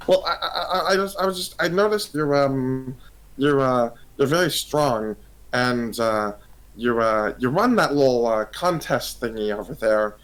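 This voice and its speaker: A man's voice: medium pitch, a little slow, fairly bright tone, lightly acted, rough recording. A man voicing a small, shy slime creature with a timid, stammering manner.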